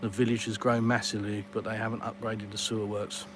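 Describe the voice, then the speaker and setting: A man's voice: fairly low pitch, flat delivery, fast talker, background noise. A middle-aged Englishman with an English accent, chatting casually on a live stream from beside his outdoor swimming pool and answering viewers with plenty of fillers and British slang. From England.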